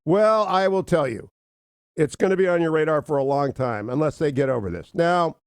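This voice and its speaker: Male radio host, casual wry monologue; slightly high voice, dry studio sound. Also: normal speed, smooth, dry recording. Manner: conversational, wry, cues up clips. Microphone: studio mic.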